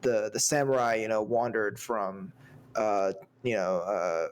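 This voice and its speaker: This podcast co-host has a clear, resonant voice, fairly low in pitch, with a steady tone and measured pace. He chats casually about a film in a movie review chat, rambling, groping for words and filling gaps with lots of fillers.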